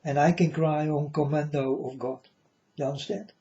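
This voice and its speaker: A man with a warm, somewhat high voice and fairly even intonation delivers a casual spiritual monologue to his viewers. He speaks slowly and repetitively, often asking "you understand?", on a dull lo-fi recording.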